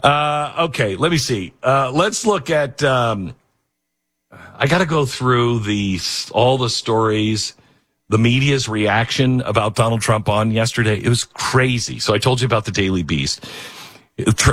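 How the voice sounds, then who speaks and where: Husky, animated talk radio host. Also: male voice, mid-range voice, a little slow, dry recording. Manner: rambling, self-mocking, jumps to shouted outbursts. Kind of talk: talk radio monologue and host-read ads.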